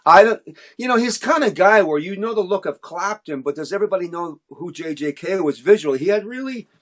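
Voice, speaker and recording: This man speaks with a high pitch, lively intonation and a fairly bright tone, talking fairly quickly. He is a middle-aged musician from Cape Breton, Canada, guesting in a relaxed interview and telling meandering, self-interrupting stories.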